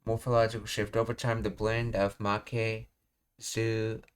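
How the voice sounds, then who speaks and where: A man teaching a live-streamed Japanese lesson, reading explanations aloud haltingly and restarting often. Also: lowish voice, flat delivery, smooth.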